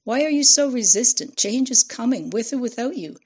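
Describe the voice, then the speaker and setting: A woman's voice: on the high side, animated, fairly quick, a little mellow, breathy edge, voice pushed up. A woman reading a brash young male media hustler who talks in a pushy, slangy, salesman-like way.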